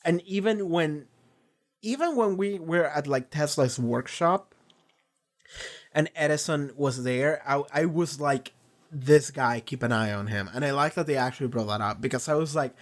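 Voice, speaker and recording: A man's voice: fairly high pitch, normal speed. A man hosting a reaction channel, talking through a TV episode in a loose, rambling way with many restarts, casual swearing and paraphrased character lines.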